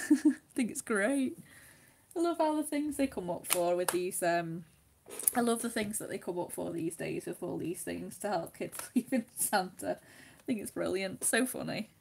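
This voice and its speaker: A woman's voice: mid-range voice, expressive, moderate pace, vocal fry, slight background noise. A woman chatting casually while she colours, laughing often and dropping to a near whisper when she concentrates. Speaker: craft livestream host.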